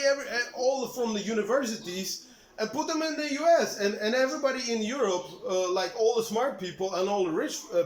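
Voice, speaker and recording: A man's voice: sits high, a bit bright. A man ranting casually to the camera like a political commentator, cursing and restarting his sentences with many fillers. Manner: profane, heated, trailing restarts and fillers. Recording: echoey room with faint background noise.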